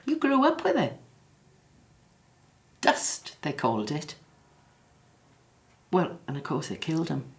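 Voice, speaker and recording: An actress voices a bereaved middle-aged woman from the South Wales valleys, speaking in a low register with a soft Welsh lilt. She is practical but tender, and her halting, reflective lines keep breaking into apology as tears come close. It plays like a quiet filmed drama monologue. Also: huge pitch swings, full character voice. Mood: sorrowful. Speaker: bereaved daughter interviewed in her office. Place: quiet office after hours.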